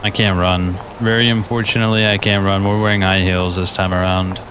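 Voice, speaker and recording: A man's voice: low-pitched, level tone, fairly quick, noisy background. A man giving laid-back, joking commentary while he plays a game. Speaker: gaming streamer. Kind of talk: casual let's-play commentary.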